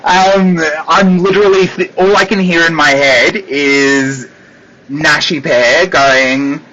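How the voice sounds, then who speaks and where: An Australian man, a psychic medium, chatting casually with viewers on a livestream from his desk, animated and laughing often. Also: on the high side, slow pace. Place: at a desk at home. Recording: dull lo-fi livestream audio.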